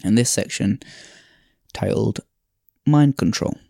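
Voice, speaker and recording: A man's voice: lowish voice, slow pace, creaky, mellow, no room sound, studio quality. A man hosting a podcast, telling a story in a reflective, casual way with frequent sighs and fillers. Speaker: podcast host. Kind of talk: casual storytelling and reading aloud.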